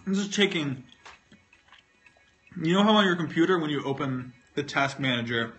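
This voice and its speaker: A man's voice: a little high, lively intonation, moderate pace, a bit bright. A man chatting casually on a livestream while eating candy, rambling and self-mocking, swearing freely and talking with his mouth full. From North Carolina, US. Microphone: phone.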